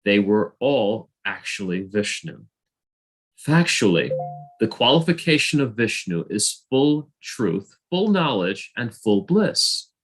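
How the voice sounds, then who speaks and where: A man reading scripture aloud slowly and deliberately in an online study group, heard over a video call. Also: lowish voice, sing-song.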